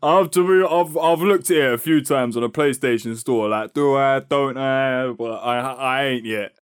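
A man's voice: mid-range voice, normal speed, clear, resonant tone, dry recording, clean studio sound. A young man with a London accent, co-hosting a casual podcast, laid-back and slangy, often repeating his words. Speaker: podcast co-host. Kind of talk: casual chat.

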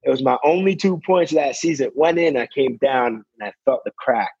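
Young man, gravelly voice, husky edge, casual interview guest, dull muffled sound. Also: mid-range voice, expressive, a little fast, darkish tone, no room sound. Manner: fills with "you know", acts out quotes. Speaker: guest, basketball player.

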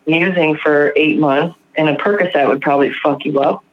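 A man's voice: fairly high pitch, steady tone, normal speed. A man from Canada telling a candid personal story in a rambling, profane way, full of fillers. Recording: dull lo-fi sound.

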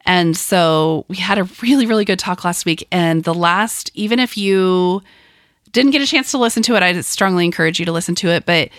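A woman in her thirties co-hosting a podcast with a lowish voice that is a bit raspy from a cold. She rambles through chatty asides and laughs easily. The voice is close to the mic in a dry room. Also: brisk, a bit bright, no echo. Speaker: podcast co-host. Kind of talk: casual podcast chat.

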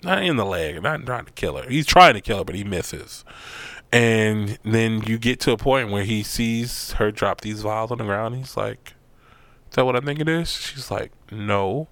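A man giving a casual, profane recap of an episode, animated and acting out the quotes. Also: on the low side, normal speed, gravelly, no echo. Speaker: show recap host.

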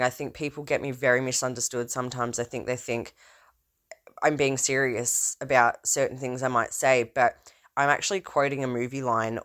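A woman hosting a podcast, talking in a casual, rambling way. She is a trained opera singer with a low voice, stops and restarts her sentences often, and swings her emphasis theatrically. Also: a bit bright. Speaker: podcast host.

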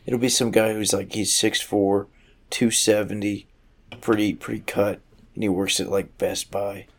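A man's voice: fairly low pitch, level tone, unhurried. A man in casual chat, making laid-back, dry remarks.

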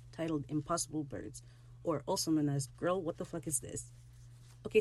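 A woman hosting a podcast, recapping a TV episode in casual chat, excitable and gushing, jumping loud and high when thrilled. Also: no room sound, low-quality recording. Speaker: podcast host.

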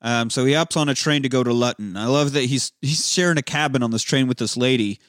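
A man's voice: mid-range voice, fast talker, fairly bright tone, no echo, clean studio sound. A man chatting casually about a film, retelling scenes in a rambling, laid-back way, swearing freely and acting out lines. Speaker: podcast co-host. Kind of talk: casual movie recap chat.

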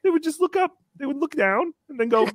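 A man plays a small, crude, giggling green puppet hosting a comedy stream, reading donations and talking about himself in the third person. His cheeky voice is extremely high-pitched, expressive and quick, with background noise in the recording.

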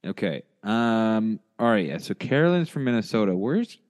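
A man's voice: lowish voice, big pitch swings, normal speed, a little mellow. A man hosting a casual podcast chat, playful and bantering with his co-host.

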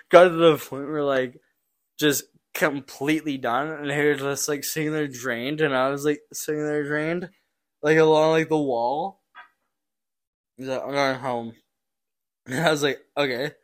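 A man's voice: a little high, fairly bright tone. A young man, a podcast guest, telling a story in a casual, rambling way, swearing often, laughing and using lots of fillers. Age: young adult. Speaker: podcast guest, junior hockey player.

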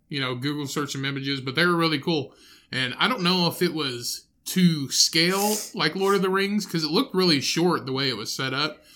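A man's voice: a little high, bright, forceful tone. A man co-hosting a podcast in loose, profane casual chat. He laughs often and trails off mid-thought. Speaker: podcast co-host.

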